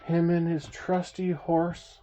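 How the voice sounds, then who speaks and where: A woman's voice: lowish voice, little pitch movement, slow pace, dark tone, faint music behind. A woman telling a playful bedtime story, making sound effects and asking her listener questions. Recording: dull lo-fi recording.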